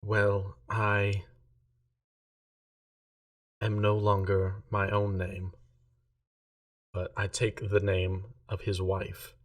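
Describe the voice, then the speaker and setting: A flat, emotionless woman tied to a rich man's house, speaking in a slow monotone and faltering between words, as a man puts her on in a low voice. The voice sits a little away from the mic. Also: recorded from a distance. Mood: hesitant. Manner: monotone, hesitant.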